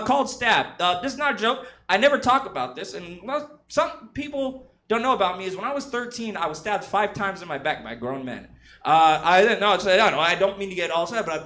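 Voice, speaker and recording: Young male comic from San Jose, high bright voice, crude and rambling, self-deprecating club stand-up. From San Jose, California. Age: 20s. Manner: crude, rambling, self-mocking with frequent swearing. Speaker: stand-up comedian. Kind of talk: stand-up comedy set. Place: comedy club stage.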